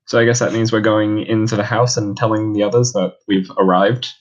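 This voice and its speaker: A man's voice: lowish voice, level tone, a little fast, dull audio. A man playing a tabletop game, casually describing his character's actions. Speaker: player.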